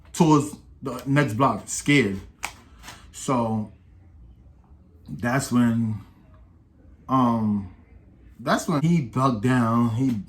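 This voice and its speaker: A young man casually telling a personal story to camera in loose slang, getting louder and livelier when he quotes the people in it. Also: mid-range voice. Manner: slangy, animated when quoting others. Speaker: storytime vlogger.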